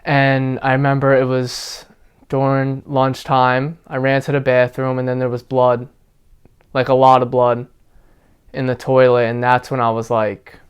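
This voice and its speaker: A young man being interviewed, recounting his experiences in a relaxed, casual way, with lots of fillers like "like". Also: medium pitch, measured pace, smooth. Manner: relaxed, filler-heavy storytelling with frequent "like". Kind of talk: casual personal account.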